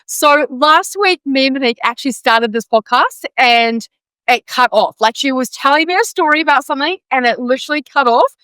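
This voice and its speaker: A high, bright woman's voice comes through clean and close, with a crisp, smooth tone. She hosts a podcast in loose, excitable chat, piling up fillers and casual swearing. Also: fairly quick, no echo. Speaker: podcast host.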